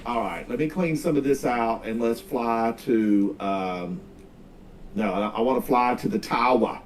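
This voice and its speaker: Southern man with a North Carolina accent as a slow, folksy game streamer, heard from a distant mic with faint hiss. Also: medium pitch. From North Carolina, Smoky Mountains. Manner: rambling, folksy, drawls out words. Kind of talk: casual gaming livestream chat.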